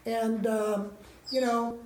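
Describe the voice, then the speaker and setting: A man's voice: very high voice, level tone, slow, darkish tone, a little hiss or hum. A man teaching a spiritual class in an ashram, talking casually and emphatically and asking rhetorical questions. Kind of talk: informal spiritual class talk. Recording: roomy echo.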